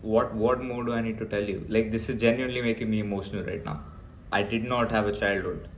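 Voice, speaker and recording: A man's voice: lowish voice, steady tone, fast talker. A young man delivers a blunt, emphatic rant straight to camera. His talk is full of fillers and restarts. The sound bounces around an echoey room with a faint hum behind him. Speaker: vlogger.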